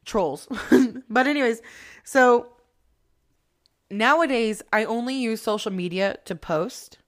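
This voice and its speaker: A woman's voice: on the high side, slow. Rambling, foul-mouthed woman podcaster. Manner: rambling, swears a lot, self-mocking. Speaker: podcast host and spiritual medium. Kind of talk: casual monologue.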